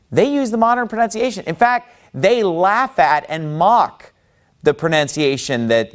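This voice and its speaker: Emphatic man teaching with conviction. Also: medium pitch. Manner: emphatic, argumentative, frequent rhetorical questions. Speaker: Bible teacher. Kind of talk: persuasive teaching talk.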